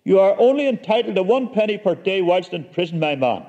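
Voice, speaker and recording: A man's voice: high voice, big pitch swings, a little fast, warm tone, big-room sound, dull audio, voice pushed up. A man voicing a bored, officious army officer.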